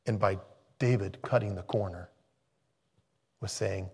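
A man's voice: deep voice, fairly even intonation, a little slow, pauses often, a little mellow, husky. A man preaching a sermon in a conversational way, thinking aloud and interrupting himself. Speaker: pastor.

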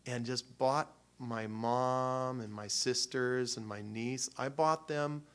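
A man telling a personal story from the pulpit in a midrange voice. He talks loosely and with feeling, stopping and restarting often. The tone stays warm and unscripted. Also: mid-range voice, fairly even intonation, slow pace. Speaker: pastor. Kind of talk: sermon before communion.

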